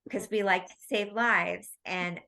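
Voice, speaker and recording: A woman guest in an interview, telling long stories in a rambling, animated way. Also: mid-range voice, a little slow, creaky. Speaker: guest, medical intuitive medium. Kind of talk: casual storytelling interview.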